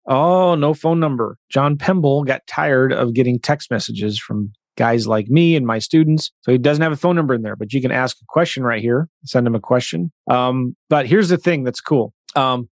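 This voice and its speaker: A man coaching real estate investors on a live online webinar, talking in an energetic, conversational and emphatic way. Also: mid-range voice, no echo.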